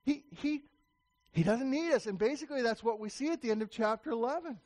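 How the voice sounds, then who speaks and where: A pastor with a strikingly high voice delivers an emphatic sermon, stumbling through quick restarts before driving his points home. He raises his voice now and then to call out to the congregation. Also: darkish tone.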